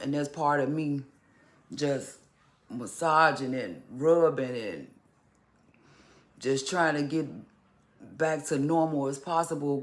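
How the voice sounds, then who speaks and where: A man talking casually to camera in a vlog, halting and restarting, with occasional stutters. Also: on the high side. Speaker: vlogger.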